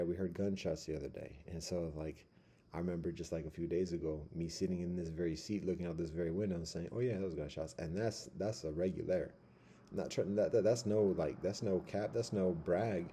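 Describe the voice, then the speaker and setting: A man with a deep, mellow, slightly husky voice rambles casually from his seat at home. He drifts between thoughts, circles back with fillers and restarts, and leans on street slang. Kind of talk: casual monologue. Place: at home by a window.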